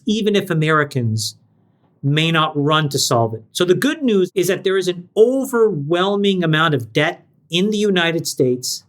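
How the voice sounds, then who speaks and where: A man co-hosting a podcast panel, making his points in an emphatic, measured way. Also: high voice, a bit bright. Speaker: podcast co-host. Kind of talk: casual panel chat.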